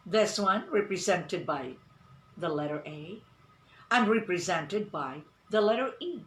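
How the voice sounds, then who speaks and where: A woman giving an online pronunciation lesson, speaking deliberately, repeating words and asking the class questions. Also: fairly low pitch, animated. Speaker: English teacher. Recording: roomy echo.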